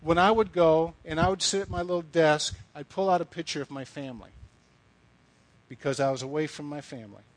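A middle-aged man preaching to a room of young women, his voice sitting a little higher than most men's. He talks in a loose, conversational way, leans on stories and drops blunt asides as he goes. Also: a little fast, rough recording. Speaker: speaker addressing young women. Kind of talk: sermon with storytelling.

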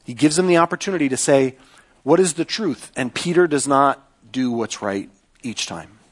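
A man's voice: medium pitch, animated, moderate pace. A man preaching a sermon in a conversational way, often checking in with listeners by asking "right?". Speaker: pastor.

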